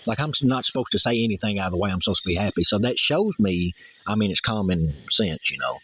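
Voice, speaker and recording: A man's voice: on the low side, animated, fast, fairly bright tone, slight background noise, low-quality recording. A man from Tennessee, talking on a phone outdoors at night in a rambling, aggrieved way that turns to heavy swearing. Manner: rambling, aggrieved, swears heavily when angry. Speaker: caller. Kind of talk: phone call.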